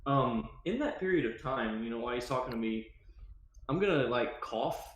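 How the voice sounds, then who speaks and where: A man talking casually as a tabletop game player, hesitant and full of fillers. His voice is mid-pitched. The room echoes around him. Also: expressive, moderate pace.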